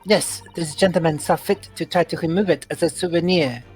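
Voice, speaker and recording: A woman's voice: on the low side, fairly quick, a little mellow, faint music behind, natural voice. A woman voicing a poised female museum proprietor in game dialogue, with a composed, formal reading.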